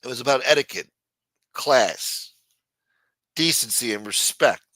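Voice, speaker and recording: Ranting man with a bright, dry voice. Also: medium pitch, lively intonation, unhurried, no echo. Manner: blunt, ranting, reads news aloud, quotes scenes in a Mafia-style voice. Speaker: live show host. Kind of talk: profane casual commentary.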